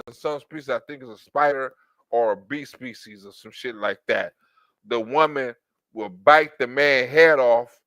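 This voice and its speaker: A man's voice: mid-range voice, fairly bright tone, dry recording. A man hosting an online show, riffing in a crude, rambling, comedic way, stammering and restarting as he acts out quoted lines. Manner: crude, rambling storytelling full of acted-out quotes.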